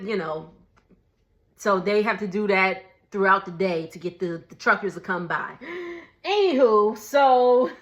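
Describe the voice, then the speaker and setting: A young adult woman chatting casually through a reality TV recap, animated and laughing often. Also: on the high side.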